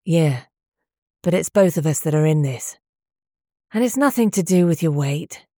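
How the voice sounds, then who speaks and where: A woman's voice: deep voice, expressive, moderate pace, mellow, no echo, studio quality. A woman reading aloud, voicing a weary husband who speaks dully and sighs in a storybook. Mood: dull weary. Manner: tired, dull, sighing. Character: weary, gentle husband worn down by IVF. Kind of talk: audiobook character voice.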